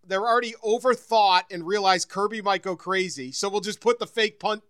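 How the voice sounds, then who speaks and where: A man co-hosting a sports podcast, telling lively stories in casual chat and laughing often. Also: sits high, fairly quick, clear, resonant tone, no room sound, clean studio sound. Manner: animated storyteller, laughs often.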